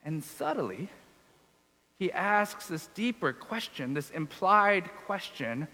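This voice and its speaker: A man's voice: high-pitched, big pitch swings, takes it slowly, pushed and bright, long reverb tail, poor audio. A man giving a reflective sermon, asking questions and repeating phrases. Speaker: preacher.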